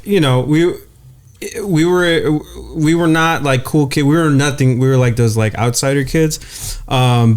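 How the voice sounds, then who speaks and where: A man's voice: mid-range voice, a little mellow, clear, resonant tone. Rambling young man telling a story. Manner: rambling, profane, laid-back anecdote telling. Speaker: podcast co-host. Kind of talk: casual storytelling.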